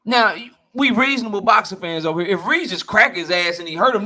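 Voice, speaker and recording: A male boxing channel host giving blunt, profane, slang-heavy commentary and answering his live chat in a casual, animated way. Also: high-pitched, fairly quick, few pauses.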